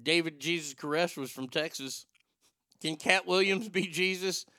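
A man's voice: a little high, normal speed, sharp tone, no room sound, clean studio sound. A man hosting a talk show, riffing in casual, irreverent, joking banter.

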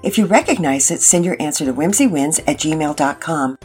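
A woman's voice: low-pitched, animated, a little fast, a little mellow, faint music behind. A woman hosting and narrating a children's family story, reading it aloud. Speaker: storyteller and host.

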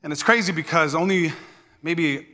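Male pastor, 30s, lively storyteller. Addresses the congregation directly. High, bright voice with long reverb from a big church hall. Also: normal speed. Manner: animated, conversational, talks straight to the congregation. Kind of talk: storytelling sermon.

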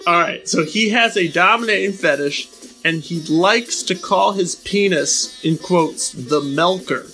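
A man with a high, bright voice reads listener questions on a comedy podcast. He is sheepish and hesitant, and faint music plays underneath. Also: poor audio. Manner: hesitant, sheepish, quick to laugh. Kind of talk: casual comedy podcast banter.

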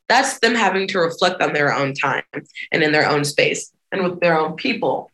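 Animated woman activist, lowish voice. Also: a little fast. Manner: animated, acts out quoted voices. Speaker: activist guest. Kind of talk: conversational interview answers.

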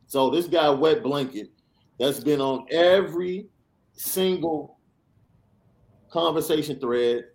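A man's voice: fairly high pitch, slow, long pauses, darkish tone. A man hosting a sports podcast, ranting with emphatic, sarcastic repetition. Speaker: podcast host. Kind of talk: animated sports podcast rant.

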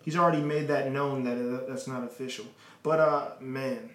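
A man's voice: medium pitch, fairly even intonation, normal speed, a bit bright, reverberant. A man co-hosting a podcast, joking and bantering in casual chat. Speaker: podcast co-host.

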